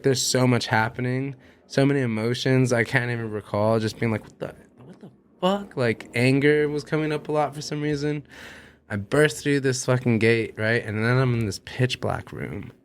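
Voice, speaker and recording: A young man, a podcast guest, telling a long personal story in casual chat, animated and swearing freely as he acts out what he said. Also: on the low side, clear, resonant tone.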